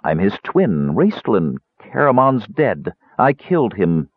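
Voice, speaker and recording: A man voicing a big, deluded male warrior who speaks softly and harshly. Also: on the low side, sing-song, slow, husky, no echo, full character voice. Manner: murmuring, harsh. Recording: tinny narrow-band dry recording.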